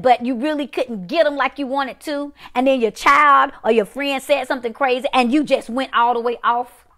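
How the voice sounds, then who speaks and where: A woman preaching, emphatic and repetitive, dropping to quiet one-word punches. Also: high voice. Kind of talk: prophetic preaching to a viewing audience.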